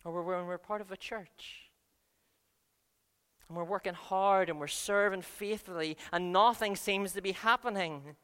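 A man preaching in a church, his voice bright, clean and resonant. He is earnest and moves from hushed lines to loud ones. A long reverb from the large hall trails behind each phrase. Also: high-pitched, fairly even intonation, unhurried, smooth. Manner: earnest, swings between soft and loud. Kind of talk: sermon.

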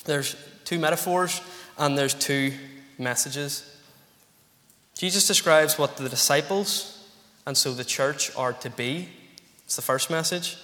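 A man's voice: medium pitch, sharp tone, long reverb tail. A Northern Irish man preaching an earnest, emphatic expository sermon to his church congregation. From Northern Ireland. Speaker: pastor.

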